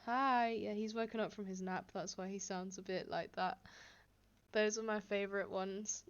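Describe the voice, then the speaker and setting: A woman's voice: medium pitch, fairly even intonation, normal speed, lo-fi sound. A woman chatting casually to her live-stream chat from home, laughing often and reading viewers' comments aloud. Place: home, indoors. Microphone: desk microphone.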